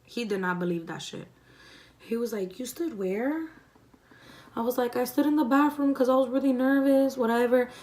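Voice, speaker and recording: A young woman with a fairly high voice and moderate pace tells a profane storytime while putting on makeup at home. She's animated throughout and acts out the voices of those she quotes.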